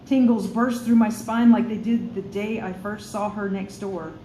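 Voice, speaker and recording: A woman author reading her own first-person storybook in a measured, expressive way, with a few small slips. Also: medium pitch. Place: studio for a radio show. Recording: roomy room, faint noise.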